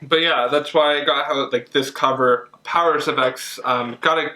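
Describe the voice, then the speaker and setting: A young man chatting casually while unboxing comics, excitable and full of fillers and gushing. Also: fairly high pitch, moderate pace. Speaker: comic collector vlogger. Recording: echoey room.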